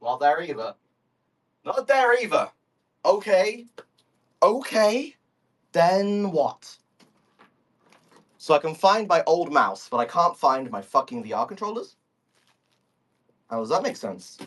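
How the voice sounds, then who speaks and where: A man's voice: on the high side, big pitch swings, slow, pauses often, a bit bright. A man streaming live, talking into a phone microphone from a step away in his room at home, rambling in exasperated, baffled bursts and swearing. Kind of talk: casual live audio chat.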